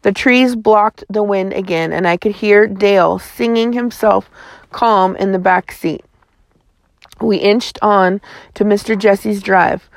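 Lady reading a kids' novel aloud, folksy, middle pitch, dry sound. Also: takes it slowly, gravelly, dry recording. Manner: folksy storytelling. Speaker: audiobook narrator. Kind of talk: first-person storybook narration.

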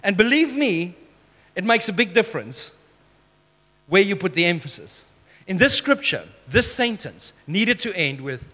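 High, bright-voiced male preacher in a hall. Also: sing-song. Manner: emphatic, slows down for key phrases, self-deprecating asides. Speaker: pastor. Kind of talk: sermon.

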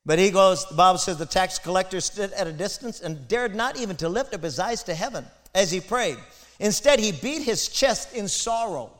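A man preaching a sermon with passion, building to loud emphatic peaks and turning aside to his congregation. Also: high voice, lively intonation, moderate pace. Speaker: pastor. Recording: long hall reverb.

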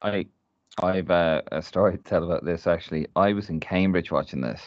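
A podcast co-host from Ireland tells a rambling, laugh-filled anecdote during casual chat, swearing freely. His voice is deep and brisk, and the recording is dry and muffled.

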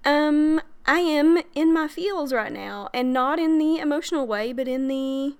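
A woman's voice: high voice, a little slow, a little mellow. A young adult woman hosting a podcast as a breathwork coach, talking in an earnest, chatty way with frequent fillers and little laughs. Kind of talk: casual monologue.

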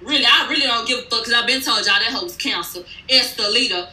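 A woman's voice: a little high, quick pace, pushed and bright, reverberant, poor audio. A woman giving a blunt, profane, sassy recap of a reality TV episode in casual speech.

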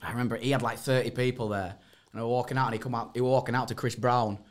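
A man's voice: medium pitch, steady tone, rapid-fire, a little hiss or hum. A young man, a podcast guest who tells his fight stories in rambling casual chat, laughing and swearing often.

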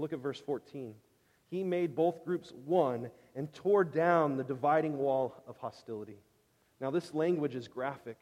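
Emphatic preacher in a reverberant hall. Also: male voice, a little high. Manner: emphatic preaching, swinging between loud and hushed. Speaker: pastor. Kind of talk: sermon.

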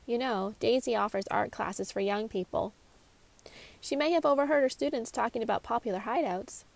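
An easygoing grown daughter, casual and upbeat, as a woman reads her part. Her voice sits slightly high with a gravelly grain, in a storybook mystery. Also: normal speed.

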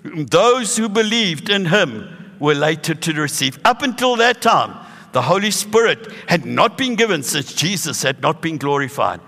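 Give me an animated South African pastor in his sixties, bright voice with a long hall echo. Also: a little high, a little slow. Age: 60s. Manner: animated, bursts into loud emphatic lines. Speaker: preacher. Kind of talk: sermon.

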